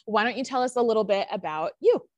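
A woman's voice: fairly high pitch, lively intonation, fast, no echo, distant mic. A woman hosting a podcast, introducing her guest bluntly and casually, with some swearing. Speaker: podcast host. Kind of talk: casual interview.

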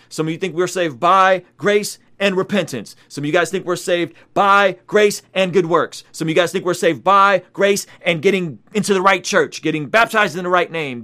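A man's voice: sits high, fairly bright tone. A man hosting a Christian video, preaching emphatically and repeating his key points. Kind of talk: preaching commentary.

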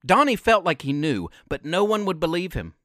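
A man reading a children's adventure story aloud as narrator, slow and expressive. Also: sits high, no room sound, studio quality. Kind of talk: scripted narration.

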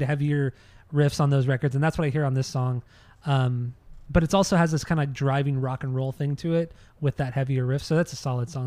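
A man's voice: medium pitch, mellow, no room sound. A man co-hosting a podcast in casual chat, laid-back and rambling, laughing easily. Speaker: podcast co-host.

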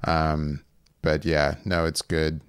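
A man with a deep, smooth voice co-hosts a podcast, chatting loosely and laughing between thoughts. He wanders through his points with plenty of restarts, recorded dry and close. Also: monotone, slow, no room sound. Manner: rambling, often laughing, many restarts. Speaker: podcast co-host. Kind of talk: casual chat.

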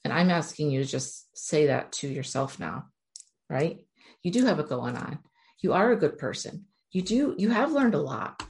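A woman with a low, deep-set voice speaks straight to her viewers in an earnest, encouraging motivational talk. She addresses them directly and keeps urging them on. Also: expressive, moderate pace. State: near tears at moments. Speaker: self-help speaker.

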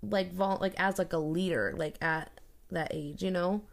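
A woman with a somewhat low voice poses thoughtful questions in easygoing podcast chat. She speaks steadily, in a laid-back way. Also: steady tone, moderate pace, creaky. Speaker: podcast co-host. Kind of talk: casual chat.

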